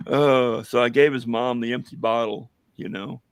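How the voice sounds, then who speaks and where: A hoarse man chatting casually on a livestream as a veteran guest, rambling with many fillers and telling jokes. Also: mid-range voice, fairly even intonation, normal speed, dry recording. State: hoarse, losing his voice. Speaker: veteran guest running a coffee business.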